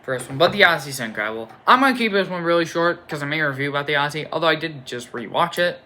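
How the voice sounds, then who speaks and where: Young man, bright voice, casual movie review, rambling, excitable, lots of restarts. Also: on the high side, very fast. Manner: rambling and enthusiastic, with many fillers and restarts. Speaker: film reviewer.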